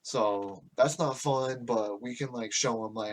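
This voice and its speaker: A US man with a mid-range voice hosts a podcast, ranting about politics at a measured pace with hardly any pauses. He's casual and foul-mouthed, frequently restarting and rambling off on tangents.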